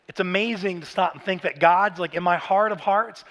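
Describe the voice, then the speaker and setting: A man in his thirties preaching a Father's Day sermon, casual and animated, telling stories with bursts of shouting. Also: high-pitched, normal speed, hardly any pauses. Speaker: pastor. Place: large church auditorium. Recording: church hall reverb.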